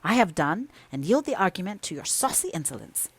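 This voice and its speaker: A woman voicing a proud, sharp-tongued young mistress of the house who speaks with scorn and emphasis. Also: fairly low pitch, sing-song, fairly quick, husky, no room sound, heavily acted. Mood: scornful, emphatic.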